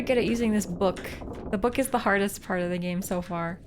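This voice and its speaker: A woman's voice: medium pitch, brisk, noisy background. A young woman from Canada, a streamer thinking aloud playfully while playing a game live and chatting with viewers. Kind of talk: live gameplay commentary.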